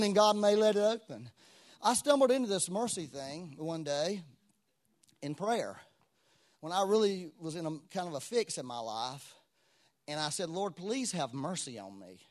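A man preaching a sermon, telling stories with lively swings between loud exclamations and quiet asides. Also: high voice.

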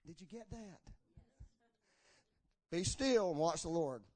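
Animated preacher man. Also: high voice, unhurried, pauses often. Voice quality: slurs his words. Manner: animated storytelling, acts out quoted voices. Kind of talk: sermon. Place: church.

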